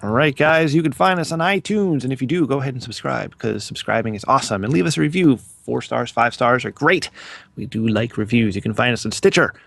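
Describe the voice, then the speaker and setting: A man's voice: mid-range voice, brisk, vocal fry, a bit bright, dry recording. A man co-hosting a podcast in easygoing, chatty conversation. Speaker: podcast co-host. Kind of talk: casual podcast chat.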